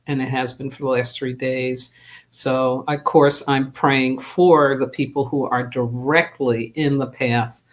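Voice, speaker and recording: A spiritual teacher hosting a live stream, talking casually and unhurriedly, with many pauses and fillers, and greeting viewers by name. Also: mid-range voice.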